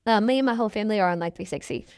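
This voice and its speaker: A woman with a medium-pitched, darkish yet clean-toned voice races along in a dry recording. In her twenties and appearing as a podcast guest, she recounts her story casually and chattily, acting out the people she quotes in their own voices.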